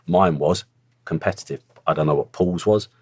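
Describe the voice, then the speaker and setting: Blunt middle-aged ex-pro, very low voice, close dry sound, casual storyteller. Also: male voice, normal speed, a little mellow, breathy edge, no echo. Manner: blunt, earthy storytelling with swearing. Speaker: former footballer, guest. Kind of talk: casual interview chat.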